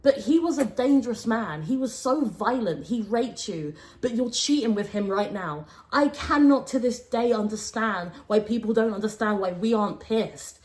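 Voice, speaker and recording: Animated young woman telling a story. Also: moderate pace, hardly any pauses. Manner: animated, swings between raised exclaiming and low, hushed quoting. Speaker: podcast host. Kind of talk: casual storytime chat.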